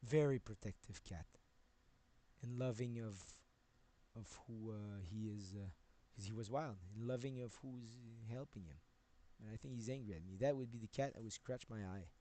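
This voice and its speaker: A man's voice: moderate pace, slight background noise. Male streamer, rambling casual storyteller who laughs and swears a lot. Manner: rambling, repeats himself, laughs often, swears; grows loud and high-pitched when excited.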